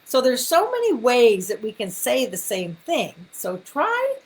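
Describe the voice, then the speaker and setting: A middle-aged woman hosts a casual live-stream faith teaching, speaking with a fairly high, very animated voice at a moderate pace. Her style is folksy and encouraging, full of ums and asides.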